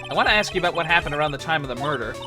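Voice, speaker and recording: A woman's voice: sits low, lively intonation, very fast, pitched below the performer's own voice. A woman voicing a polite, hesitant young male lawyer in a game, with music behind.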